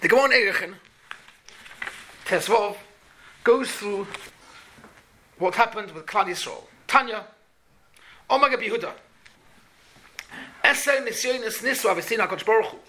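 A man's voice: high voice, normal speed, pauses often, sharp tone, slight background noise. A man teaching a Talmud class to boys, asking questions and repeating his points. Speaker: Torah teacher.

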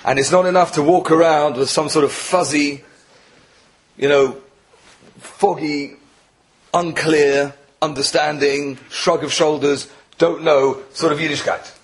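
A man giving a Torah lecture with stories, animated and emphatic, often repeating himself and rising to sharp peaks. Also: on the high side, a little slow. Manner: animated, rising emphatic peaks, mixes Yiddish and Hebrew terms; frequent self-repetition and restarts. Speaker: Torah teacher.

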